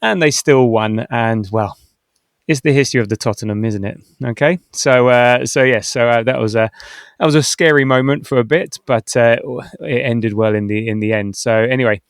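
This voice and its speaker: Middle-aged male host, casual chat, smooth resonant tone, dry close mic, rambling delivery. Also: mid-range voice, normal speed, no echo. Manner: chatty, rambling with frequent restarts and laughs. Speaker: podcast host. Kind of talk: casual football podcast chat.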